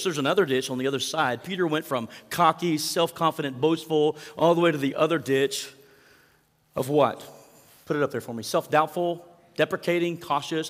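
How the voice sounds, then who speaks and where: A man preaching a sermon, retelling scripture in lively storytelling and acting out the quoted lines with rising intensity. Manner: animated storytelling, acts out quoted lines with rising pitch and volume. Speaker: pastor. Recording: hall reverb.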